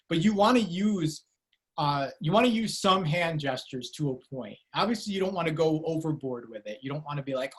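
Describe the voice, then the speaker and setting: A man lectures students over a video call in a loose, conversational way, with a voice pitched a little high. He rambles, restarts his sentences and fills pauses with "um" and "like". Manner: casual, rambling, frequent fillers and self-corrections. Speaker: university lecturer. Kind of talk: online lecture.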